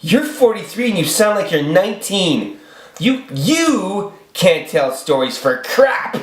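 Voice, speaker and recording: Man doing a scornful scolding woman in falsetto, lilting up high, echoey room. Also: sing-song, slow, full character voice. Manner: mocking, exaggerated falsetto. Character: sneering scolding adult woman critic.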